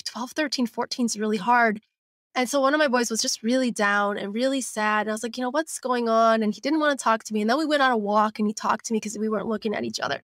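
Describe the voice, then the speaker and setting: Candid woman guest, bright and dry. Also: fairly high pitch, no room sound. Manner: reflective, candid, shifts into quoted inner voices. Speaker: guest, simplicity coach and author. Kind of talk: conversational podcast interview.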